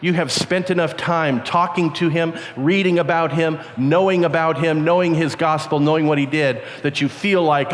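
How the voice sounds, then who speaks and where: Older male camp preacher, storyteller, slightly high voice, long hall reverb, faint hiss. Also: normal speed. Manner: animated, acts out characters with squeaky high voices. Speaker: camp speaker. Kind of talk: storytelling sermon to youth.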